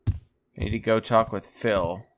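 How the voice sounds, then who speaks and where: A man's voice: on the low side, fairly even intonation, a little slow, gravelly, background noise. A man giving jokey, wry let's-play commentary while playing a game. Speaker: gamer playing on a channel.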